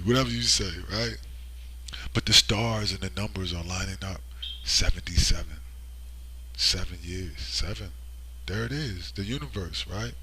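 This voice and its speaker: A man's voice: fairly low pitch, sharp tone, husky. A man delivering a preachy vlog monologue with emphasis, often asking "right?" as he speaks. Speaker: online commentator.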